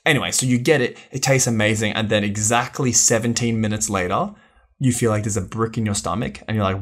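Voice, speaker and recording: A man's voice: fairly low pitch, brisk. Chatty young man. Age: young adult. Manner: laughs often, chatty storytelling. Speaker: podcast co-host. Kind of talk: casual chat.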